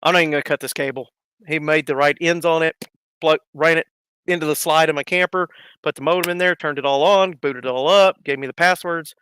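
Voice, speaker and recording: Guy rambling through a story on a stream, laughs a lot, slightly high voice, dry mic. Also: steady tone, brisk, fairly bright tone, clean tone, no room sound. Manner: rambling, laughing, acts out voices in his stories. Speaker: live stream guest. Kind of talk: casual storytelling.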